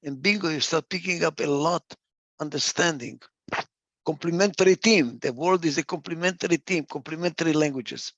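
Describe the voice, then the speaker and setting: A man's voice: on the high side, normal speed, fairly bright tone, dry recording, highs cut off. A man giving a reflective talk. He stresses points by repeating phrases, and sometimes stalls over a word and starts again. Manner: gets lost for a word and restarts. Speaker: speaker.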